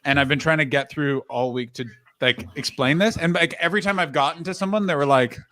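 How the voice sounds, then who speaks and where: A man co-hosting a casual chat, telling animated, profane anecdotes full of quoted back-and-forth. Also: a little high, a little fast, hardly any pauses. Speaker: podcast co-host, comedian.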